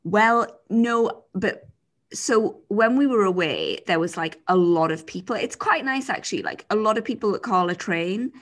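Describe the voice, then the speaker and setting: Young woman podcast co-host, mid-pitched, rambling and giggly. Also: expressive, normal speed. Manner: rambling, giggly storytelling with many likes. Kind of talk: casual chat.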